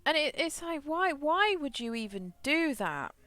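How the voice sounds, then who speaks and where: A woman livestreaming a game tells a rambling story, restarting often and repeating words as she chats. Her high, sing-song voice is a little slow, bright and forceful, with no room sound.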